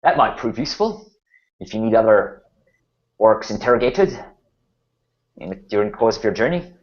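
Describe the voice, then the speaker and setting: A man voicing a grim, commanding general, formal and blunt in his speech. He speaks in a lowish, steady voice. The sound is muffled and lo-fi. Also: normal speed, natural voice. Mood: formal, stern. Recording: muffled lo-fi recording.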